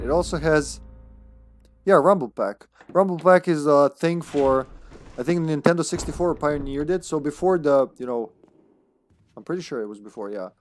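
Male streamer, loose conversational play-by-play, easy laughs. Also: on the high side. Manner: chatty, rambling, laughs often. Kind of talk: casual gameplay commentary.

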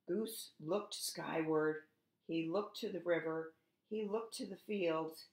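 Slow, gentle woman reading a storybook. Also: sits low, creaky. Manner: gentle, expressive reading to children. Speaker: preschool teacher. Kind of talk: storybook read-aloud for children. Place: at home. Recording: roomy home echo.

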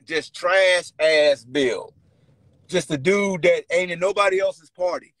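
A man hosting a sports podcast with a Virginia accent, taunting and shouting at players in casual trash talk. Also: sits high, slow pace, no room sound, poor audio. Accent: Virginia (757 area). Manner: loud, taunting, animated, shouts and laughs. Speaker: podcast host.

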